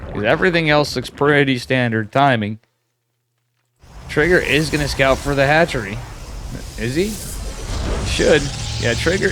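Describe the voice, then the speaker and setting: A man's voice: mid-range voice, a bit bright, slight background noise. A man streaming live game commentary, talking in a loose, profane, hyped-up way to his chat between plays. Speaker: esports caster.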